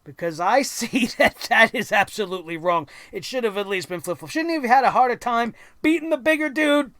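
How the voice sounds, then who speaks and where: A man's voice: very high-pitched, lively intonation, a little fast, a bit bright, no echo, studio quality. A man hosting a wrestling review show, ranting bluntly and sarcastically with plenty of swearing.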